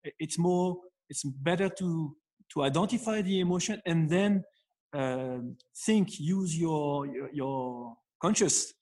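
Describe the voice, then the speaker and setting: A man with a manner giving advice in an interview, speaking haltingly with many fillers and restarts. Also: on the high side, darkish tone. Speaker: guest expert. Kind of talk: interview answer.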